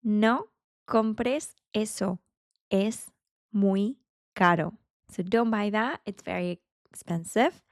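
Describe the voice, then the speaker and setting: A woman teaching beginner Spanish, saying each phrase slowly and carefully and repeating it as a drill. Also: mid-range voice, dry recording, clean studio sound. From Spain. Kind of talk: beginner language lesson.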